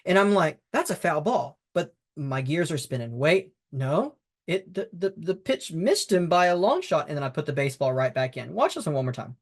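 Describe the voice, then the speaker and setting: A man's voice: a little high, expressive, a little fast, hardly any pauses. A man walks umpires through game footage, talking the way a coach does in a training video. He is conversational and emphatic, with frequent fillers and restarts. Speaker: baseball umpire instructor. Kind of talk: instructional talk over game footage.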